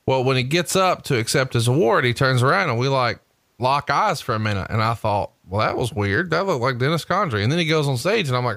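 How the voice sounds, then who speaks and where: A man from Alabama hosting a podcast, telling stories in an animated, chatty way. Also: medium pitch, a little fast, dry recording, studio quality. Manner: storytelling, animated, laughing asides. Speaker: podcast host. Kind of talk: casual chat.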